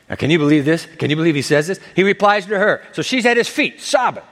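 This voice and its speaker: A man preaching a sermon as pastor, animated and acting out the voices of the people in the story. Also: on the high side, brisk, long reverb tail. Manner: animated, acts out voices of Jesus and the woman.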